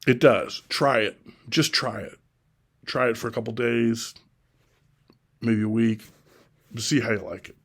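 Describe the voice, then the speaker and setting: A middle-aged man from Oregon giving a slow, deliberate, repetitive solo monologue about his political views. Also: mid-range voice, breathy edge. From Oregon, USA. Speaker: self-styled presidential candidate.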